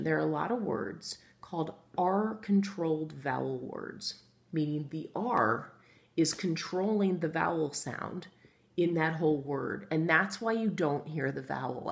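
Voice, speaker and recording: Speaking a little slowly in a low, creaky but animated voice, a woman guides first graders through a recorded remote phonics lesson. She stays patient and encouraging. Each word gets written on a board as she spells it letter by letter.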